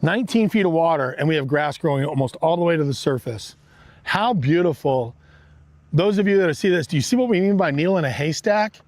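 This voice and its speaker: A man hosting a live fishing stream from a boat on a lake, talking excitedly to his viewers. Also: a little high, a little fast, no room sound. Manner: excited, exclamatory, talks straight to viewers. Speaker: fishing livestream host.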